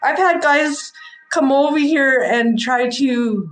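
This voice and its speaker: A woman in her forties, a psychic livestream host, telling a story in a frank, rambling, animated way with slang. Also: sits high, takes it slowly. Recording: echoey room.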